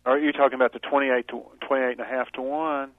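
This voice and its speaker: A man's voice: mid-range voice, little pitch movement, fast talker, no room sound. A man answers questions over a thin, tinny phone line. He hesitates and fills gaps with uh and you know. The sound is dry. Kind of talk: conference call answers.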